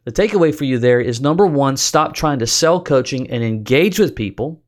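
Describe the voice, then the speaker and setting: A man's voice: mid-range voice, expressive, moderate pace. A man talks casually about coaching in a mid-range voice. He rambles in an easy, conversational way, with lots of fillers and false starts. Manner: conversational, many fillers and restarts. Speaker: business coach host. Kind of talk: casual storytelling monologue.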